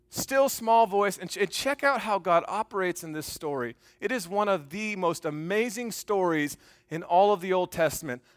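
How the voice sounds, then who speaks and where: A male pastor preaching with lively energy, reading verses aloud and teasing his congregation. His voice sits high for a man. The sound is dry and close, with little room echo. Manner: animated preaching, reads scripture aloud, jokes with congregation. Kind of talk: sermon. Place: church.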